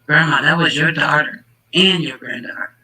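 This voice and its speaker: On the high side and pushed, bright and slightly rough, a man's voice carries casual true-crime commentary at normal speed. As a channel host, he gets worked up and emphatic, talking directly to the people in the case. The recording itself is rough.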